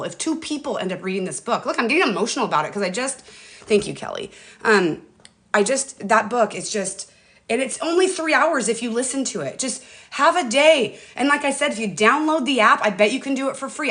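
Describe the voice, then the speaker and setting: This middle-aged woman, a livestream host, has a high-leaning, fairly bright voice and chats casually into a phone or webcam mic. She is emotional and talkative, often calling out to her viewers as "you guys."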